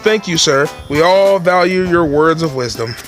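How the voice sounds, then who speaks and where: A man's voice: a little high, animated, normal speed, faint music behind, lightly acted. A man voicing a pompous, bossy male bird assistant in a game, with a formal, officious delivery.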